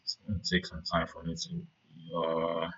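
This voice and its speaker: A man's voice: deep voice, completely flat delivery, unhurried, a bit bright, slightly rough, lo-fi sound. A man casually talking through trading charts, rambling with many fillers and "right?" checks. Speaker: trading video host.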